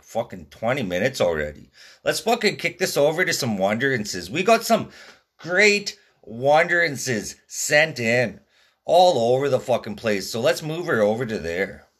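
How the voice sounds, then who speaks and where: A man's voice: mid-range voice, fairly bright tone, husky. A man hosting a podcast from Canada, telling stories in a profane, laid-back way. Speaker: podcast host. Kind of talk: casual rambling monologue.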